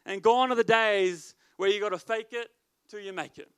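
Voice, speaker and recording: A youth leader preaches a sermon in a high, bright voice at a moderate pace. He drives his points home emphatically through repetition, his tone staying smooth and clear.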